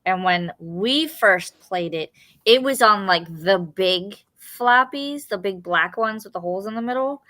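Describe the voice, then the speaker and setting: A woman co-hosting a casual livestream chat, telling stories with animated imitations and laughter. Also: medium pitch, unhurried, no echo. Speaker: co-host of a livestream.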